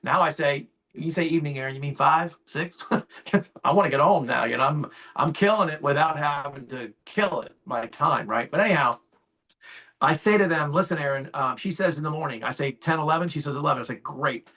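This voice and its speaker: A man in his fifties who sells insurance talks on a call in a slightly high, brisk voice with a sharp edge. He gets worked up and plays out both sides of his conversations with clients, all in casual phone-call chatter over call audio.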